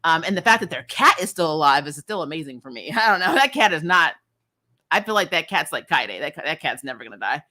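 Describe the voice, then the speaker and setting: Woman reviewer, casual and chatty, laughs a lot, bright voice. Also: sits low, a little fast. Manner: chatty and animated, laughs often, many fillers. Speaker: anime review vlogger.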